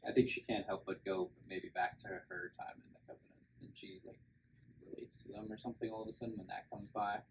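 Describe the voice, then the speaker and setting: A man's voice: fairly low pitch, steady tone, a little fast, rough recording. A man co-hosting a casual movie podcast, thinking aloud about a character's motives. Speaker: podcast co-host. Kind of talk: casual movie review chat. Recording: faint background noise.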